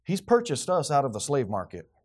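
A man's voice: medium pitch, huge pitch swings, fairly quick, a little mellow. A man preaching a sermon, building up with rhetorical questions and acted-out quotes. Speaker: pastor.

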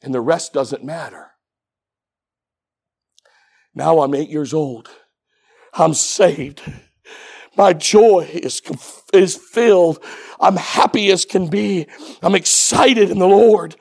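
A man preaching a sermon, telling a story with animation and swinging from hushed tones up to shouting. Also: a little high, slow pace, creaky, long pauses.

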